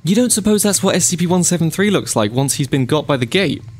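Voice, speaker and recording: A man's voice: on the high side, animated, fast talker, a little hiss or hum. A man commentating his own gameplay, chatty and easily spooked, with panicked yelps and repeated phrases when scared. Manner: jumpy, panicky outbursts and yelps. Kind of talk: let's play commentary.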